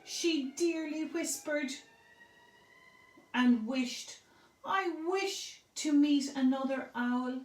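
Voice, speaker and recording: A woman's voice: high-pitched, a little mellow, echoey room, recorded from a distance. A woman reading a picture book aloud to preschool children, asking them questions and praising their answers. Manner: slow, sing-song, asks children questions and praises them.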